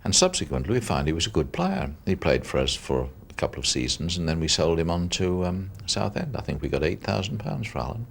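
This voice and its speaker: A man's voice: sits low, sing-song, a little fast, creaky, hardly any pauses, slight background noise. An older man, a club chairman, telling a rambling anecdote in an interview. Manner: rambling anecdote with ums and uhs. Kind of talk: interview recollection.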